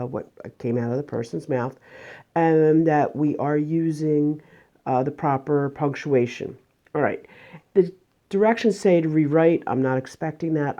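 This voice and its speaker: Female teacher, low warm voice, patient remote-lesson explainer. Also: lo-fi sound.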